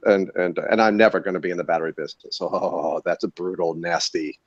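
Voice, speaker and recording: A man's voice: low-pitched, steady tone, a little fast, highs cut off. A man who tests batteries, talking in a casual podcast chat in a wry, rambling, self-correcting way. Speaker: battery tester and guest.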